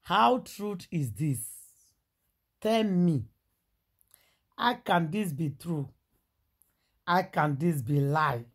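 A Nigerian woman running a celebrity gossip vlog in Pidgin-laced English, loud with exclamations and repeated phrases. Her voice is husky, and her pitch swings widely as she dramatizes each point. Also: animated, very slow, pauses often. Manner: theatrical, exclaiming, repetitive.

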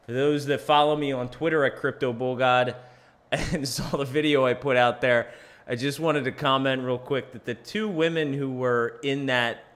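Bright-voiced rambling man hosting a podcast. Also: medium pitch. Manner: rambling, self-deprecating, chuckling. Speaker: podcast host. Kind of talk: casual podcast monologue.

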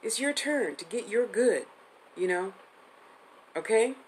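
A woman's voice: fairly high pitch, expressive, slow, slight background noise, poor audio. A woman in her fifties giving a live-streamed psychic reading, chatty and affectionate, rambling with restarts. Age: 50s. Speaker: psychic medium host.

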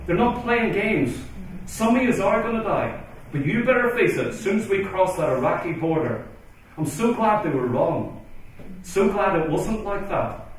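A middle-aged man preaches with urgent, emphatic intensity, his voice sitting high. He is heard from a distance in a big, heavily echoing church hall with faint room noise behind him. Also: very animated, moderate pace. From Ireland. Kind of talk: conference sermon. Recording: echoey hall recording from far off.

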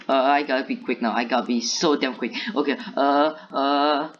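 A woman's voice: rumbling low, steady tone, moderate pace, hardly any pauses. A woman giving live gameplay commentary, jumpy and panicky, talking to herself and to her opponent. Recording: dull lo-fi mic with faint noise.

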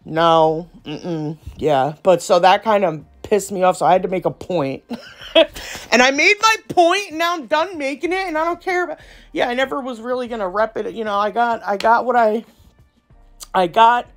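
A woman's voice: on the high side, moderate pace, soft background music. A woman nail artist and brand ambassador chatting casually to her viewers, rambling, slangy and outspoken. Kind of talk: casual vlog chat to viewers.

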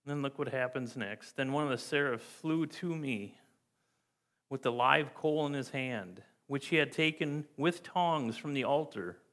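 A man's voice: mid-range voice, measured pace, a bit bright. A man preaching as a pastor, reading scripture aloud and stressing key words again and again in an earnest, emphatic way. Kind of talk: sermon. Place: church.

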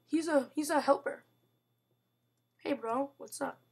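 High-voiced excitable girl gaming. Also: a little slow, pauses often. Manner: chatty and excitable, with sudden outbursts and mock growls. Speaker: gamer narrating gameplay. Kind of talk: casual let's-play commentary.

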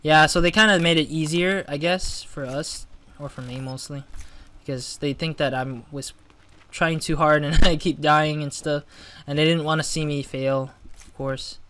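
Male let's-play host, bright and slightly high, chatty and easily flustered. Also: fairly even intonation, normal speed, few pauses. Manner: chatty, flustered exclamations when losing. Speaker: gaming channel host. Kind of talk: casual let's-play commentary.

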